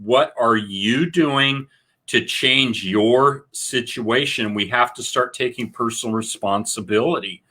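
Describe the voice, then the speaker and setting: A man's voice: mid-range voice, unhurried. A man co-hosting a talk show, bluntly urging listeners to take action. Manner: forceful, exhorting, blunt. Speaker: co-host. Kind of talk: casual talk show discussion.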